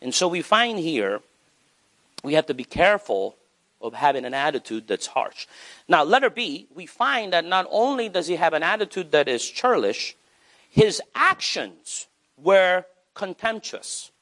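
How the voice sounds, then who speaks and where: A male pastor preaching with animated energy, his voice sitting a little high for a man. He swings up and down in pitch as he drives his points home, slowing down to stress key words. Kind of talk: sermon.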